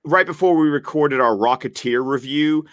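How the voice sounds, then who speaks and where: A man who works as a teacher, co-hosting a casual stream chat on a webcam and telling stories eagerly in quick bursts. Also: a little high, fairly bright tone, no echo, studio quality. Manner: eager storyteller, bursts of fast talk. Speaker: teacher and co-host. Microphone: webcam video call.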